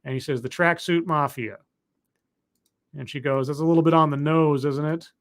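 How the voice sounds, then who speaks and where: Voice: mid-range voice, fairly even intonation, moderate pace. A live stream host recapping a TV episode in a casual, rambling way, with sarcastic asides and restarts while clicking through footage. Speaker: show reviewer hosting a live stream.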